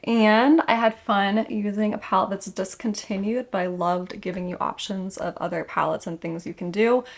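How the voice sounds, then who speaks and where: A woman's voice: mid-range voice, steady tone, moderate pace. A young woman vlogger chatting casually through a makeup tutorial, rambling and correcting herself as she goes.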